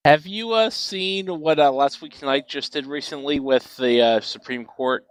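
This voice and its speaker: A man's voice: medium pitch, normal speed, clear, resonant tone, no room sound. A man in casual chat, explaining with many fillers and restarts. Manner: rambling with fillers.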